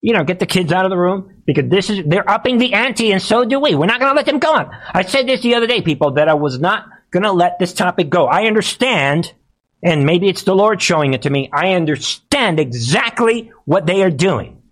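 A man's voice: high-pitched, lively intonation, fairly quick, fairly bright tone. A male host delivers live-streamed political commentary in a slightly raised voice. He talks in an agitated, repetitive and preachy way.

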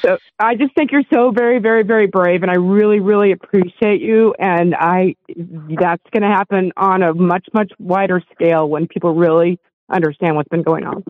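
A woman's voice: on the low side, normal speed, dry recording. Emotional older woman on a tinny phone line. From Los Angeles. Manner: emotional, earnest, gushing. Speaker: caller. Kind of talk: call-in radio chat.

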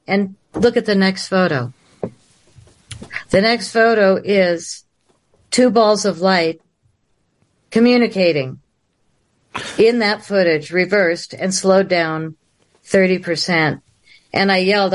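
Heard over a livestream video call, a woman who makes films recounts a long story with lively animation, performing the dialogue in assorted voices. Her pitch is medium and her delivery measured.

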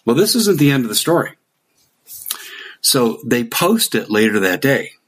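A man's voice: medium pitch, very animated, measured pace, a bit bright. A middle-aged man casually telling a long anecdote, acting out quoted dialogue with occasional chuckles. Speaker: guest telling a story. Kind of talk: casual storytelling.

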